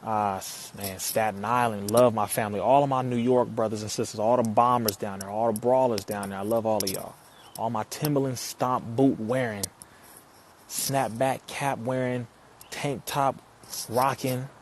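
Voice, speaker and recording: A young man from California, hosting a casual livestream. He energetically reads viewer comments aloud, shouts out their cities, and often laughs between phrases. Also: mid-range voice, steady tone, moderate pace, slight background noise. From Compton, California. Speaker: live-stream host. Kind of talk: casual live-stream chat.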